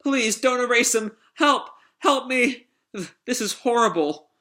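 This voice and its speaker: A man's voice: high-pitched, fairly even intonation, fairly quick, pushed and bright, pitched above the performer's own voice. A man reading manga aloud, voicing a timid female android maid who pleads in a raised, strained voice. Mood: pleading.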